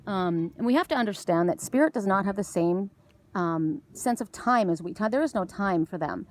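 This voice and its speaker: A woman from Canada giving an oracle card reading outdoors by the water, telling a story in a rambling, animated way with many restarts. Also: mid-range voice, a little fast, slight background noise. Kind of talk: casual spiritual message. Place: outdoors by water with jumping fish.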